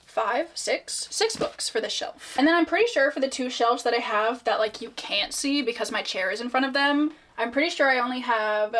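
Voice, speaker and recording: A woman's voice: fairly high pitch, brisk, few pauses, a bit bright. A young woman talking casually on her book vlog, chatty and rambling, with a lot of "like" and "um" and self-deprecating asides. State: out of breath. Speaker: book vlogger.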